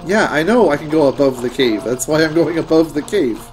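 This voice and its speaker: Animated sarcastic male game streamer. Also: a little high, a little fast, rough recording. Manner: sarcastic, playful banter with a co-player, swears freely. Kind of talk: casual gameplay chat. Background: game music.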